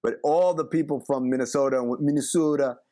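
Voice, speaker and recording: A young man co-hosting a casual podcast, an animated storyteller who laughs easily. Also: mid-range voice, fast. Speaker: podcast co-host. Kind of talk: casual chat.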